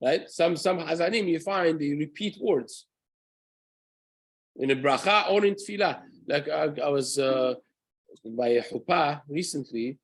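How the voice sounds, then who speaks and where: A man, a rabbi, giving a spoken Torah lesson in an earnest way, often asking "right?" and using Hebrew terms. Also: on the high side. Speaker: rabbi teaching a daily halacha class.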